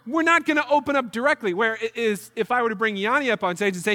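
A man's voice: high-pitched, fast, hardly any pauses, big-room sound. A young man from New York giving a missionary presentation to a church group, telling stories with jokes and acted-out asides. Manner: animated, jokey storytelling with acted-out asides. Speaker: missionary speaker.

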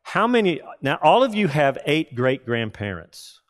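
A man preaching a sermon to a live audience, emphatic, asking rhetorical questions and slowing down for emphasis. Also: fairly high pitch, very animated.

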